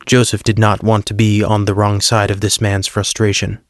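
A man reading a story aloud in a measured, earnest narration. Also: lowish voice, completely flat delivery, dry recording, clean studio sound. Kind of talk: scripted narration.

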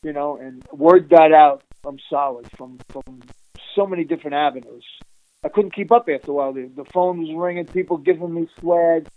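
A man being interviewed, telling an animated, streetwise story with frequent laughs and restarts. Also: a little high, moderate pace, dry recording, poor audio. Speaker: interviewee recounting undercover work.

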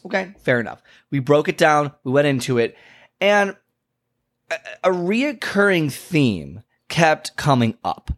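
A fitness and health coach talks casually to camera about why people fall short of their goals, at a measured pace. He tells animated stories, keeps dropping in "okay?" and "you know", and jumps way up in pitch when acting out himself and his clients.

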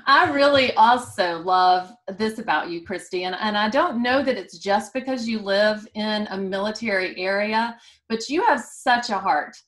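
A woman hosts a faith conversation at a middle pitch. She asks her questions and praises her guest as she goes. She keeps up a run of quick "yeah"s while the guest talks. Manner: warm affirmations, frequent "yeah". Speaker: podcast host. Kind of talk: interviewing a guest.

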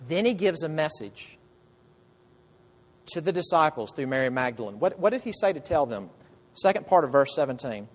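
A man preaches a sermon with a fairly high voice, telling the story conversationally and throwing rhetorical questions at his listeners. His voice rings out with a long reverb, as in a large hall. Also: sing-song, normal speed. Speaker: pastor.

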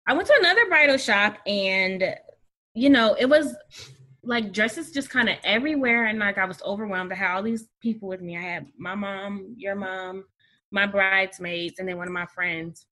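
A woman, a recent bride, telling her story in a relaxed, chatty way. She laughs easily. Her voice sits at an ordinary pitch. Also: moderate pace. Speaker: interview guest, bride. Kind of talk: casual conversation.

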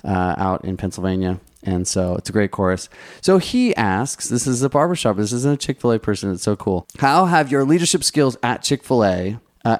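A man's voice: fairly low pitch, a little mellow. A man who runs a restaurant, giving career advice in a casual, conversational way full of restarts and fillers. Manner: conversational, many restarts and "you know" fillers. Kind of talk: casual advice talk, answering viewer questions.

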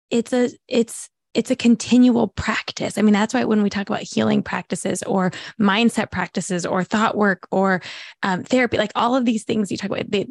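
A woman's voice: mid-range voice, vocal fry, dry recording, clean studio sound. A woman hosting a podcast, talking in an enthusiastic, affirming way with many fillers. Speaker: podcast host. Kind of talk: casual interview chat.

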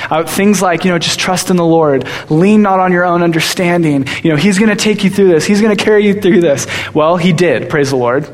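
A young man preaching a sermon, telling stories in an animated way. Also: a little high. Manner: storytelling, animated. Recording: long hall reverb.

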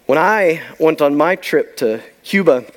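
A man's voice: a little high, expressive, unhurried. A man preaching a sermon, telling a story with emphasis and letting key lines trail off to a near-whisper. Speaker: pastor.

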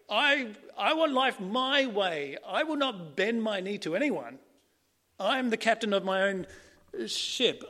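Male preacher with a high voice, earnest sermon delivery that swings from emphatic to quiet.

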